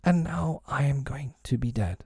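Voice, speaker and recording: A man voicing a tiny, fierce female fairy with a high, breathy, urgent voice in a storybook reading. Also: wildly swooping pitch, slow pace, mellow, dry recording, clean studio sound, full character voice. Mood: faint.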